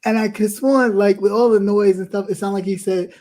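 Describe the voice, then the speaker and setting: A man chatting casually, a little high in pitch. He tells his story with energy, slipping into lively voices for the people he quotes. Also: fairly quick. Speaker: co-host.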